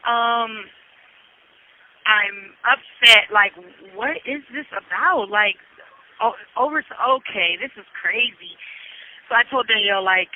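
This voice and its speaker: A loud, animated woman in her thirties retells events as an interviewee calling from prison. Her voice comes through a thin, tinny phone line with the lows and highs cut away. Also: takes it slowly. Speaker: incarcerated interviewee. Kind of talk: storytelling over a prison phone call. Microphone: prison telephone.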